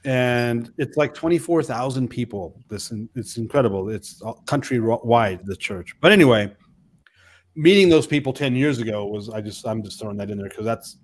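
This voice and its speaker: A man in his fifties, a missionary pastor co-hosting a casual chat, telling stories in a rambling, animated way with many restarts. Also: mid-range voice, moderate pace.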